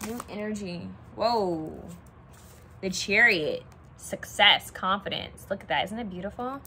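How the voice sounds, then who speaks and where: A woman's voice: mid-range voice, unhurried, noisy background. A young woman giving a casual pick-a-card tarot reading, chatting and thinking aloud as she pulls cards.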